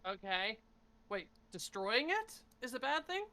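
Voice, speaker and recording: A woman's voice: on the high side, very animated, unhurried, bright, forceful tone. Wry woman playing a tabletop game. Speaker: player. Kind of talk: casual tabletop play.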